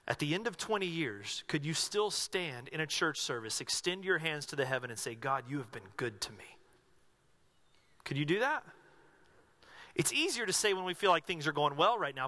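Guy preaching a sermon, pretty high voice, keeps firing earnest questions at the congregation. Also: pushed and bright. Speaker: pastor.

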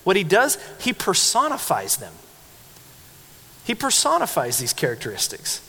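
Animated male preacher in a reverberant hall. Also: sits high, moderate pace, breathy edge. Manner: animated storytelling, acting out quoted voices. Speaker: pastor. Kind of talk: sermon.

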